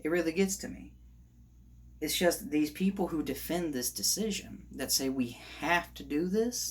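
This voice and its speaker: A man giving a heated opinion monologue on his vlog, ranting and sometimes rising to shouts. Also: on the high side, moderate pace. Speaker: commentator.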